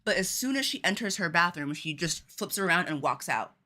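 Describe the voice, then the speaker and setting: A woman streaming a game at home and telling a lively story to her chat, laughing often. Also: on the low side, a little fast. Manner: animated, laughing, chatty with fillers.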